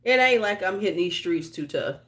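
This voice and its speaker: A woman with a Chicago accent chats loosely with viewers during a morning skincare livestream. Her talk wanders in relaxed, rambling runs packed with fillers and false starts, and she greets people in the chat by name as she goes. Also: fairly low pitch, brisk. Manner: chatty, rambling, full of fillers and restarts; talks to viewers by name while getting ready. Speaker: beauty vlogger.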